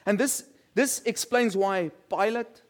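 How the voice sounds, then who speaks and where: Speaking slowly in a high-pitched voice, a male pastor reads scripture as part of his sermon. He addresses the congregation conversationally, asks them questions, and repeats words along the way.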